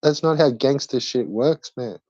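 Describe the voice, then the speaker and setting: A man's voice: medium pitch, measured pace, a little mellow, dry recording, muffled recording. A man hosting a livestream, chatting casually and crudely, swearing constantly in slangy banter. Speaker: livestream host.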